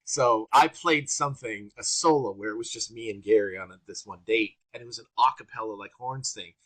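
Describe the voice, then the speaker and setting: A man guesting on an interview podcast, telling lively anecdotes in a casual, excitable way. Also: lowish voice, a little fast, slightly rough. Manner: animated, excitable anecdotes with bursts of energy. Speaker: guest trumpeter. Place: works around Orange County, California.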